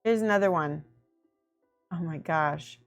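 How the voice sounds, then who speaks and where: A woman's voice: deep voice, a little slow, gravelly, soft background music. A woman chatting casually on a livestream while painting miniatures, giggling often and thinking aloud.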